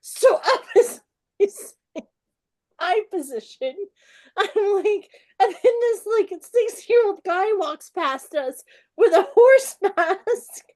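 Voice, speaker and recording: A woman author is telling stories as a guest on an interview show, and her voice sits high. She laughs through nearly every line and acts out the people she meets along the way. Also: lively intonation, slow pace, pauses often, a little mellow. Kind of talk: animated storytelling interview.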